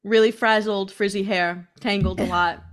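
A woman co-hosting a podcast in casual chat, giggly and animated as she keeps score. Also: mid-range voice, moderate pace.

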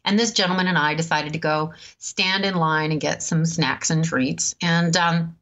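A woman in her fifties telling a personal story in a relaxed, chatty way, laughing often and pausing with many ums. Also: deep voice, highs cut off. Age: 50s. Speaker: host. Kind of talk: storytelling talk.

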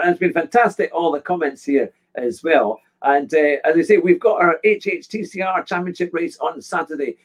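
A man hosting a relaxed podcast, with a voice set a little high for a man. He is affable and easygoing, nodding along with frequent "yeah"s before steering the chat onward. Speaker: podcast host. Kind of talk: casual chat.

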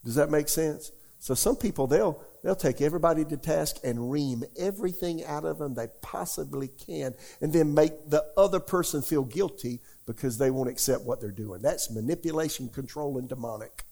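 A middle-aged pastor answers questions in a conversational sermon, folksy and animated, telling stories and firing rhetorical questions at the listeners. His voice sits on the high side with vocal fry, at normal speed with hardly any pauses.

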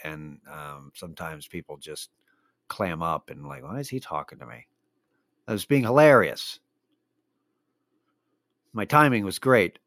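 Low-voiced but a bit bright, this podcast host tells meandering, profane stories by himself with a wry, casual air and many fillers. There's no echo, and the recording is studio quality.

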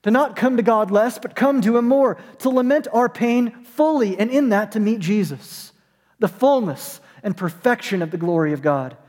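In a big-sounding room, a pastor preaching at an online church service tells a story at normal speed, his high-pitched voice carrying a darkish tone. He performs the voices of each person in his anecdote.

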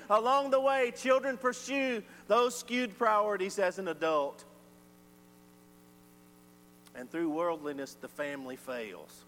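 A man preaching a sermon, swinging from loud emphatic lines to quiet ones. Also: sits high, normal speed, hardly any pauses. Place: church sanctuary. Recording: reverberant church hall with faint hum.

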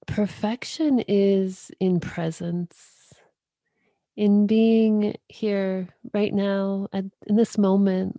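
A woman guest on a podcast, giving reflective spiritual talk in a slow, measured, soothing manner. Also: mid-range voice, warm tone, dry recording, studio quality.

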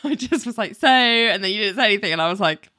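Animated woman recapping an episode. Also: mid-range voice, quick pace. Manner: animated storyteller, laughs often. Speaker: podcast co-host. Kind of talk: casual chat, episode recap.

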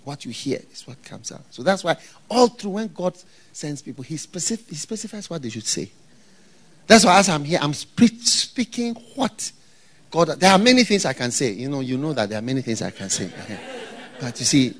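A man with a Ghanaian accent preaching a sermon to pastors, given to loud high-pitched shouts and laughter. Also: animated, moderate pace.

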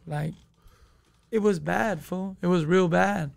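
A man's voice: sits high, slow, creaky. A man, telling a story as a podcast guest in profane street slang. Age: 20s. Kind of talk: casual storytelling.

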